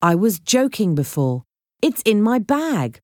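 A woman's voice: mid-range voice, big pitch swings, measured pace, darkish tone, no room sound, studio quality, voice pushed up. A woman narrator voicing a cheerful young woman in a storybook, speaking playfully. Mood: lively.

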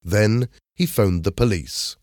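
A man reading a simple story aloud in clear, measured narration. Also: on the low side, darkish tone, no echo, studio quality. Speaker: storybook reader. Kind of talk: scripted narration of a graded reader.

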